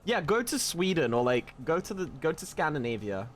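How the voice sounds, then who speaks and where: A chatty man from the south of England with a southern English accent, reading comments to his stream. His voice is very lively and swings often into excited squeals, and he trips into restarts as he talks. Soft music plays faintly underneath. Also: normal speed. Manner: animated, jumps to high excited squeals; stammering restarts. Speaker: livestreamer. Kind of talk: casual chat reading live comments.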